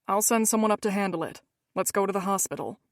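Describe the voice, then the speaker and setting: A woman's voice: medium pitch, fast talker, dry recording, studio quality, natural voice. A woman voicing a protective, commanding mafia man who gives curt, bored orders.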